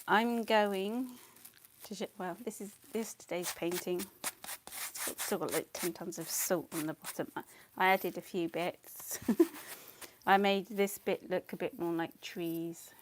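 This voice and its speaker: A woman chatting casually on a live stream while she paints, scattered and quick to laugh, muttering asides to herself. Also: on the low side, steady tone, a little hiss or hum. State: a bit out of breath.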